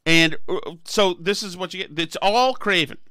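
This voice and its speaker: A man's voice: high voice, moderate pace, pushed and bright, clean tone, no room sound. A man hosting a political podcast, talking emphatically and sarcastically, often restarting his phrases. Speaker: podcast host. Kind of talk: political commentary chat.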